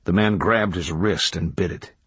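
A man reading a novel aloud as audiobook narrator, in measured, even storytelling. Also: low voice, slightly rough, dry recording. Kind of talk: scripted narration.

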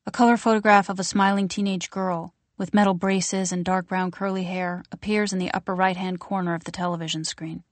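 A woman narrates an audiobook in an even, descriptive way, with a voice slightly low for a woman. The sound is close and dry, with no room around it. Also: a little fast, hardly any pauses, no echo. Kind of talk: scripted narration.

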